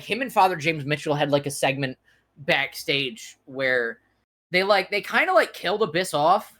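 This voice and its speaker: An excitable young man talks casually as a podcast co-host and swears freely. His voice sits a little high. He swings between loud bursts and soft, choked-up stretches. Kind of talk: casual chat.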